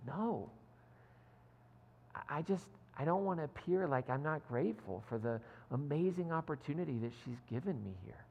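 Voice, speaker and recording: A man in a sermon voicing an excited, anxious young woman, speaking softly and hesitantly. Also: a little high, moderate pace, lo-fi sound. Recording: long hall reverb.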